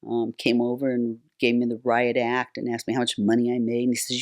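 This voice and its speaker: A woman's voice: extremely low pitch, flat delivery, brisk, darkish tone. An older woman, a guest on a talk show, telling long stories in a chatty way with many fillers and restarts. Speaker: guest, nonprofit founder. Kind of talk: conversational storytelling.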